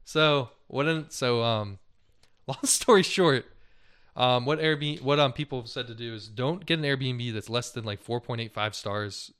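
A man's voice: mid-range voice, measured pace, a bit bright, clear, resonant tone. A young man co-hosting a casual podcast, retelling news stories in a loose, chatty way, with lots of "like" and "dude" and frequent laughter. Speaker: podcast co-host.

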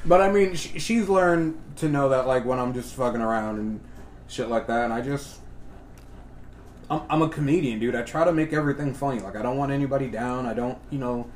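A man's voice: medium pitch, brisk. Male podcast co-host, loose and profane, jokey storyteller, a little background hiss. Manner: profane, joking, animated storytelling. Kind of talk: casual podcast chat.

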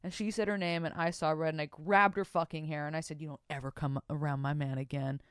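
A young woman hosts a casual podcast, reading out listener stories and cutting in with profane, animated reactions. Her voice sits low and sounds smooth and clear, recorded dry and close. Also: quick pace, no room sound. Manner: profane, animated, laughs and comments while reading stories aloud.

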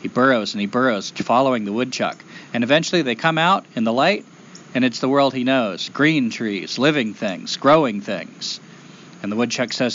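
A male storyteller tells a traditional folktale aloud, building rhythm through repeated phrases. His voice is mid-pitched and expressive. The recording is a little dull, with a faint hiss beneath. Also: normal speed.

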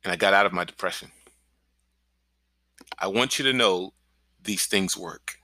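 Bright-voiced upbeat male pastor. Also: low voice, unhurried, dry recording. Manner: energetic, keeps asking "right?". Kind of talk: encouraging podcast sermon.

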